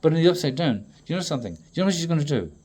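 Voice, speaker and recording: A man in a rambling, profane monologue that swings between loud outbursts and low mutters. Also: big pitch swings, rapid-fire, husky.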